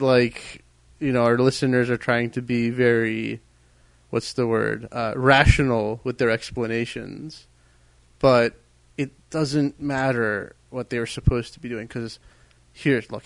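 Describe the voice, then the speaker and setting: A man's voice: mid-range voice, no room sound. A man co-hosting a podcast in a casual discussion, ranting heatedly and emphatically. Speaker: podcast co-host.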